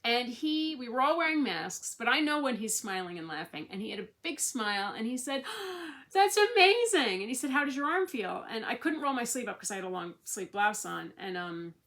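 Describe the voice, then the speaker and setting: A woman's voice: a little high, expressive, brisk, hardly any pauses. A woman in her fifties vlogging in a casual, rambling way, telling a story and acting out what others said. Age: 50s. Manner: chatty and storytelling, acts out others' lines; many fillers and restarts, warm wishes to viewers. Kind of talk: casual chat to camera.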